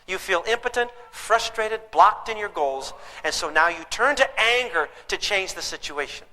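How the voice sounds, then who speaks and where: A man's voice: sits high, lively intonation, normal speed, bright, forceful tone, long reverb tail, low-quality recording. A man teaching a parenting class to a live audience, emphatic and throwing questions at them.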